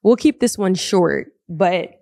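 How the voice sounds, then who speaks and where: A woman's voice: fairly low pitch, slow, gravelly, no room sound, studio quality. A young woman hosting her own podcast, talking casually and with animation from her living room and laughing now and then. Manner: chatty and animated, laughs often. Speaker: podcast host. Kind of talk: solo podcast talk. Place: living room of a large loft apartment. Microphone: podcast microphone.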